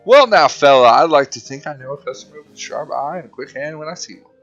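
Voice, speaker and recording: A folksy shooting-gallery clown with the smooth patter of a carnival barker, as a man puts him on. He coaxes customers in a friendly, hustling way, heard over a slightly dull recording with faint game music. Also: fairly high pitch, animated, quick pace, a bit bright, pitched above the performer's own voice. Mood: sales pitch. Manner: smooth-talking salesman patter.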